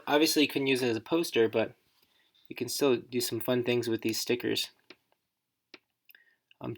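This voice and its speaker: Gravelly-voiced woman demoing software. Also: rumbling low. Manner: thinks aloud, chatty, upbeat asides. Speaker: educator giving a software tutorial. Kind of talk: casual screen-recorded walkthrough.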